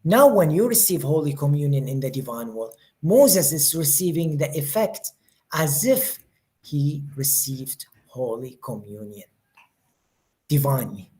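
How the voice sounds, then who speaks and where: A man's voice: a little high, expressive, a little slow, darkish tone. Earnest man teaching a faith group. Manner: earnest, repeats words while searching for phrasing. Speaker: religious teacher. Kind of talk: spiritual teaching to a live group. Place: study day session room with listeners.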